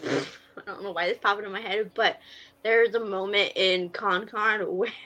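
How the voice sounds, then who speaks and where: A woman's voice: medium pitch, fairly even intonation, moderate pace, fairly bright tone, low-quality recording. A woman co-hosting a casual podcast chat, telling a story with lots of energy, acting out the dialogue and swearing freely. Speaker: podcast co-host.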